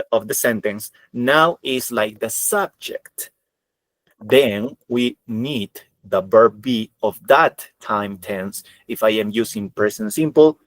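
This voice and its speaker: A man's voice: mid-range voice, dry recording. Male English teacher, dry sound. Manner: switches between Spanish explanation and English examples, repeats key points. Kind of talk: online class lecture.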